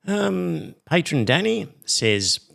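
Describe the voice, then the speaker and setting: A middle-aged Australian man hosting a podcast in casual chat, rambling and reading listener messages with many pauses and ums. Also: a little high, sing-song, vocal fry, a bit bright. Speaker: podcast host.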